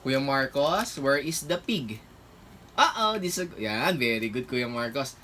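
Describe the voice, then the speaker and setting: During a playful video chat at home, a father runs a snack guessing game, coaxing his children in a sing-song manner and praising them often. His voice is medium-pitched, animated, and sharp in tone at a normal speed, and the recording is noisy.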